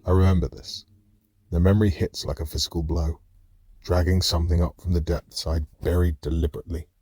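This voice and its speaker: A man narrating a dark fantasy audiobook in the first person, measured and somber. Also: deep voice, flat delivery, husky, no room sound.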